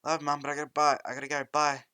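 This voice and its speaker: A man's voice: on the high side, monotone, sharp tone, clear, resonant tone, no echo, pitched above the performer's own voice. Izuku, a man doing a flustered teen hero. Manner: hurried, flustered.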